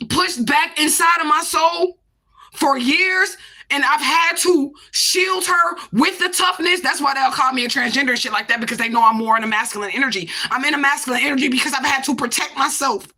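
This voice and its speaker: A woman's voice: high-pitched, bright, forceful tone. A young adult woman giving a raw, repetitive livestream monologue to her viewers, swearing often. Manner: addresses viewers directly.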